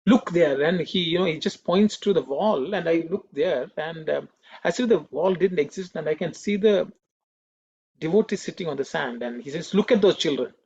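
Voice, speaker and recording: Guy telling an emotional story at a devotional gathering, kinda high voice, gravelly, muffled recording. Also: expressive, normal speed, a little mellow. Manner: earnest, emotional, many fillers. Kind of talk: personal storytelling talk.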